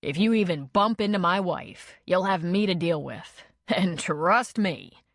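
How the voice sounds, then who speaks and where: A woman's voice: fairly low pitch, expressive, unhurried, dry recording. A woman voicing a protective male bar owner with a dry, commanding manner.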